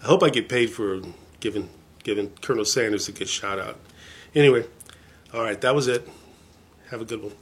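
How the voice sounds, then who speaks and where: Low-voiced rambling male vlogger. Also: a little fast, pauses often, breathy edge. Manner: rambling, enthusiastic, self-deprecating. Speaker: vlogger showing his record collection. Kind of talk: casual chat to camera.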